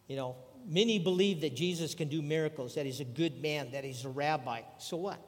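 Older man, sermon, conversational preaching, rhetorical questions, slightly high voice, reverberant hall. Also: a little fast. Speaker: pastor.

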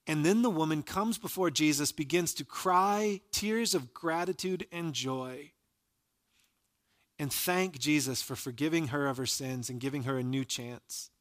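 A man preaching a sermon as a pastor, retelling scripture stories in an earnest voice and dropping soft and low for quoted lines. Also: unhurried.

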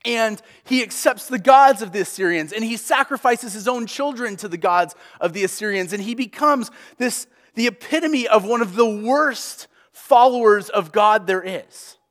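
A young man preaching a sermon as a pastor, conversational and animated as he tells stories. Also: high-pitched, normal speed, few pauses, long reverb tail.

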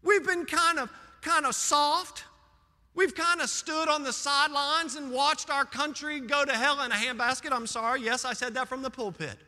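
A man's voice: very high-pitched, fairly even intonation, normal speed, sharp tone. A man preaching a sermon as pastor, impassioned, his voice rising and dropping sharply. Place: church sanctuary. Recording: long church reverb.

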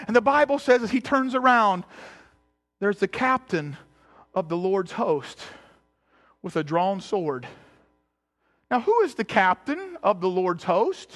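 A man's voice: very high voice, expressive, measured pace, a bit bright. A man preaching a casual sermon, retelling scenes with slang and voices, sometimes dropping to a near whisper. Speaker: pastor.

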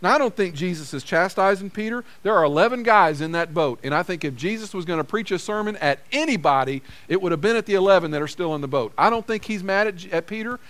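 A man's voice: high-pitched, expressive, quick pace, few pauses, fairly bright tone. A man preaching a sermon as a pastor, in a conversational way, repeating phrases for emphasis. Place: church.

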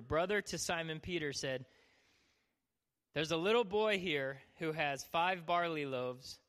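In a long, reverberant hall, a young youth pastor delivers a sermon, joking and acting out the voices of people in his stories. His voice sits on the high side and comes across bright and pushed.

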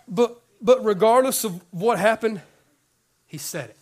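A man's voice: sits high, brisk. A man preaching a sermon to his congregation in a conversational, joking way, often repeating words as he builds up. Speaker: pastor.

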